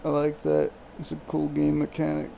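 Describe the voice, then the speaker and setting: A man's voice: on the high side, monotone, normal speed, gravelly, warm tone, slight background noise. A man co-hosting a casual game podcast, joking around and drifting off topic. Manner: jokey, goofs off topic, laughs a lot. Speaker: podcast co-host. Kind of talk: casual chat about video games.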